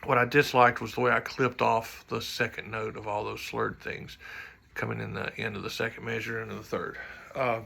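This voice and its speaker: A man's voice: lowish voice, flat delivery, normal speed, gravelly, bright, forceful tone. A man teaching trombone audition music, explaining mistakes in his own playing and singing rhythms to show them, with joking asides. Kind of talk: music clinic instruction.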